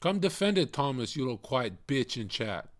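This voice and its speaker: A man's voice: mid-range voice, big pitch swings, moderate pace, dry recording. A man live streaming, ranting angrily and hurling mocking, profane insults at a viewer in chat. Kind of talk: angry rant at a chat viewer.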